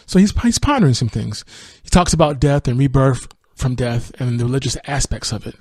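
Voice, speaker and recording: Gravelly-voiced man reviewing music. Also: medium pitch, brisk, no room sound. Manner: relaxed, thinking aloud with fillers and restarts. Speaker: podcast host. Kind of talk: music review podcast, reading lyrics aloud.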